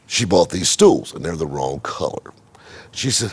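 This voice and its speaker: A man's voice: low-pitched, very animated, unhurried, breathy edge. A middle-aged man, a car dealer, telling a rambling, profane story in casual chat, with many repeated words. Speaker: car dealer and channel host.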